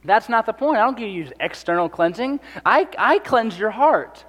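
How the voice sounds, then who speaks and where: A man's voice: high-pitched, lively intonation, moderate pace, a bit bright, in a large hall. A man preaching a sermon in a conversational way, acting out the speakers in the passage. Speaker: pastor.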